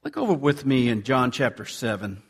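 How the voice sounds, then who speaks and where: A man preaching a sermon as pastor, swinging from loud emphasis to hushed asides. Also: medium pitch, normal speed, husky. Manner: animated preaching, swinging from loud to near-whisper.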